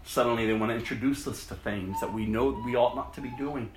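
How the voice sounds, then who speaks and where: A man preaches a casual sermon at a quick pace, reading scripture aloud and swinging between loud emphasis and hushed, low tones. The sound is reverberant.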